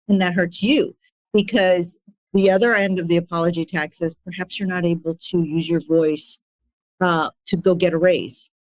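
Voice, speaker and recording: Woman, 40s, podcast guest coach; earnest, grows animated in anecdotes; lowish voice, dry mic. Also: dry recording. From immigrant to the United States. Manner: earnest, animated when retelling stories. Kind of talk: podcast interview, storytelling.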